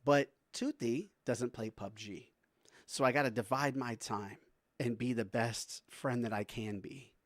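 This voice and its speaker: A man chats easily on a live stream, his voice sitting at an ordinary middle pitch and sounding close and dry with no room around it. He laughs often and drifts between talking to his viewers and coaxing his dog. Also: unhurried, no room sound. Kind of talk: casual live-stream chat.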